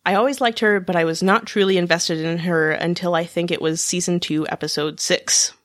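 A woman's voice: on the low side, steady tone, brisk, no echo, clean studio sound. A woman co-hosting a TV discussion podcast, chatting casually and reading out listener feedback. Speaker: podcast co-host.

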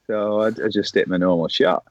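A man's voice: on the low side, brisk, no room sound. A middle-aged man, a former professional golfer, telling anecdotes in a casual chat and acting out the voices of the people he quotes. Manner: animated storyteller who acts out quoted voices. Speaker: podcast guest, former pro golfer. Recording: dry, slightly dull lo-fi sound.

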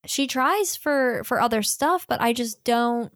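A woman's voice: fairly high pitch, lively intonation, unhurried, fairly bright tone, no echo, clean studio sound. A woman co-hosting a podcast in casual chat, musing aloud with many filler likes. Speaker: podcast co-host.

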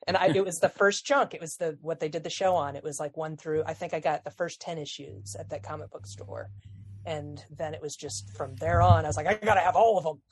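A chatty woman co-hosting a podcast with a fairly low voice. She talks in loose, rambling sentences, laughs often and lets her thoughts trail off. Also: steady tone, a little fast. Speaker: podcast co-host. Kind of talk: casual chat.

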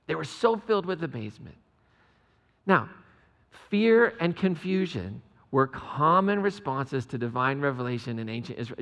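A man preaches a relaxed, joking sermon with a slightly high, gravelly voice. His talk carries a long reverb from the church sanctuary. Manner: humorous, chatty asides to the congregation. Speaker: pastor. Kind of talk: conversational sermon.

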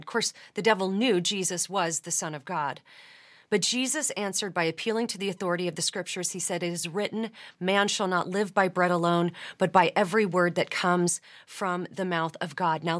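A woman hosting a podcast, giving a measured teaching talk that quotes scripture at length. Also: lowish voice, fairly bright tone. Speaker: podcast host.

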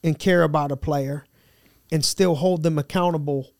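A man's voice: fairly high pitch, fairly even intonation, normal speed, vocal fry, no room sound, clean studio sound. A man hosting a podcast, asking questions and affirming his guest with encouraging remarks. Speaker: podcast host. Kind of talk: interview questions.

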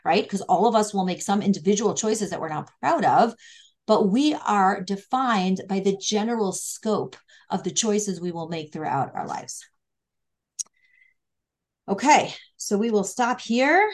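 A woman's voice: medium pitch, expressive, unhurried. A woman teaching a class on scripture, chatty and playful, often checking in with her students. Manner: conversational, asks "right?" often; acts out the fool's inner voice playfully. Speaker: Torah teacher. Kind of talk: online class on Proverbs.

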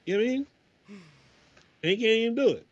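Male co-host, rapid slangy banter, lively pitch, dull lo-fi audio. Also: breathy edge, dry recording. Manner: fast, slangy, joking rants. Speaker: podcast co-host. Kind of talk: casual chat.

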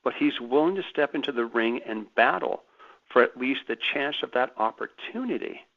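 A man speaks as a guest on a radio show, his voice sitting in an ordinary middle pitch. He tells his stories emphatically and with animation, stumbling over repeated words as he pushes ahead. The sound is thin and phone-like. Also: expressive, moderate pace, gravelly. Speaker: guest author. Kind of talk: radio interview.

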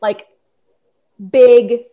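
A woman in her thirties with a Philadelphia accent chats as a podcast guest about her work with squid. Her voice sits fairly high, and she tells stories in an animated, casual way, full of "like" fillers. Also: drawn-out words. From Philadelphia area. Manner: lively, frequent "like" fillers. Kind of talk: casual storytelling chat.

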